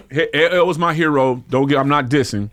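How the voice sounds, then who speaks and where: A man's voice: on the high side, normal speed, fairly bright tone, no room sound, clean studio sound. A middle-aged man from Vallejo, California, a rapper guest telling stories in a laid-back, streetwise way, peppered with "you feel me.". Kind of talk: casual interview storytelling.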